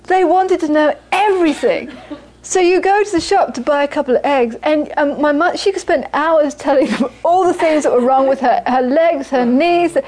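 A woman with a very high voice gives a relaxed spoken teaching talk. She talks in a chatty, anecdotal way and often laughs mid-sentence. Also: normal speed. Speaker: meditation teacher.

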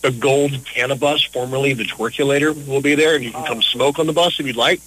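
A man's voice: mid-range voice, steady tone, a little fast, a bit bright, low-quality recording. A middle-aged man talking casually as an interview guest, earnest and a bit rambling. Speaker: interview guest, local business owner.

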